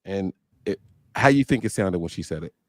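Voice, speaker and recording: A man's voice: sits low, lively intonation, normal speed, no room sound. Slangy joking man, dry close sound. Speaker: podcast co-host. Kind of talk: casual livestream chat.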